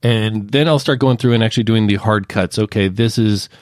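A man with a lowish voice lays out his editing routine one careful step at a time. His talk is casual and detailed, like a chat between colleagues. The sound is dry and close, with no room around it. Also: a little fast, no echo. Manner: detailed, methodical step-by-step explaining. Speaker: associate producer and editor.

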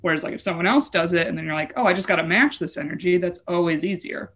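A woman's voice: fairly low pitch, fast. A woman guest, a comedian, chatting playfully and joking on a podcast. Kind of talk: casual chat.

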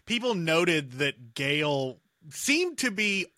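A man hosting an interview, asking relaxed questions. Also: fairly high pitch, slow, no echo, studio quality. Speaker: interview host.

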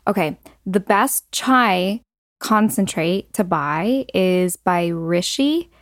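A woman's voice: lowish voice, animated, dry recording, studio quality. Chatty young woman podcast host. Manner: chatty, frequent "like" and "um" fillers, quick asides. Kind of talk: casual solo podcast chat.

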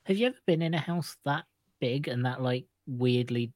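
A woman's voice: rumbling low, animated, normal speed, darkish tone, no room sound. Giggly woman, dry close sound. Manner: giggly, rambling, laughs often. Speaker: podcast co-host. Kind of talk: casual chat.

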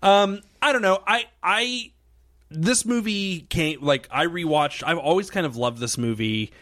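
A man's voice: fairly high pitch, a little slow, a bit bright, no room sound. A man co-hosting a casual podcast, telling a rambling story, laughing often and acting out the lines of the people he quotes. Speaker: podcast co-host.

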